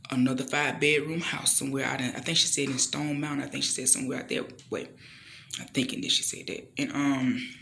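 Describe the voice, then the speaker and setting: A woman telling a story in a chatty, animated way, acting out the people in it and checking in with the listener as she goes. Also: gravelly, a little hiss or hum. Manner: animated, acts out the people in her story with big jumps in pitch. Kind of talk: casual storytelling with a faith message.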